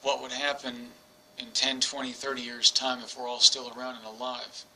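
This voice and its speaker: Bright-voiced man, rambling and halting. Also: mid-range voice, completely flat delivery, a little hiss or hum, poor audio. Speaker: vlogger. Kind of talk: personal storytelling to camera. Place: England.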